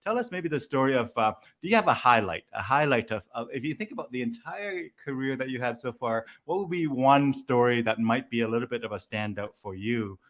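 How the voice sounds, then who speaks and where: A man's voice: medium pitch, expressive, fairly quick, few pauses, fairly bright tone. A man hosting an interview, asking questions hesitantly with many fillers. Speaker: interview host.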